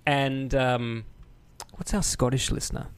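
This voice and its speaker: A man's voice: medium pitch, steady tone, unhurried, clean tone. A man co-hosting a podcast in casual chat, loose and profane, laughing often. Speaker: podcast co-host.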